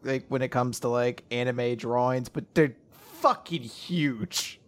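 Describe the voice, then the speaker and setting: A man's voice: medium pitch, a little slow. Mid-range male podcast co-host, eager and jokey, loose casual delivery. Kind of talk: casual chat about a comic.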